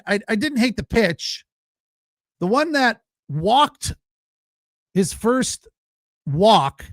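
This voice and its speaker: A man's voice: on the high side, no echo, clean studio sound. A man hosting a casual sports podcast, ranting loosely with fillers, restarts and the odd swear word. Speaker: podcast host.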